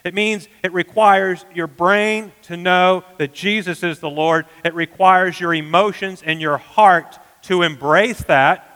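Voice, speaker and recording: A man preaching a sermon as pastor, earnest, often dropping to a hushed emphasis. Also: sits high, a little slow, hardly any pauses, clear, resonant tone, big-room sound, low-quality recording.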